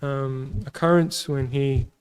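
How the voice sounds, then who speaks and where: An Australian man teaching a casual Bible lesson, pausing often with ums and restarts. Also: medium pitch, steady tone, a little mellow, smooth, rough recording. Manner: halting, many ums and restarts.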